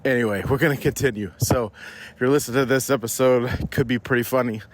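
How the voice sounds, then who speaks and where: This podcast host speaks quickly in a steady, mid-range voice, with a little hiss or hum behind him. He's out for a morning walk while hosting his casual business show, a touch breathless, drifting through his points and starting over now and then.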